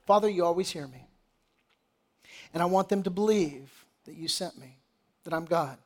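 A male pastor preaching a sermon, reading scripture aloud and retelling it in everyday words, sometimes dropping to a hush for emphasis. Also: high-pitched.

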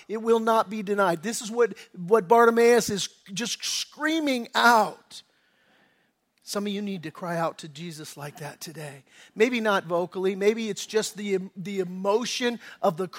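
A male pastor preaching a sermon with passion, going from hushed to shouting, with casual slangy asides. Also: very high voice.

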